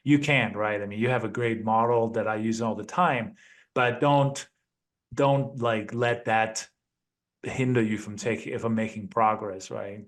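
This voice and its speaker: A man in his fifties, a guest in an interview, speaking in a measured way with frequent tag questions. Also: on the low side, fairly even intonation. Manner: measured, peppers speech with "right?" and "you know". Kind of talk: interview conversation.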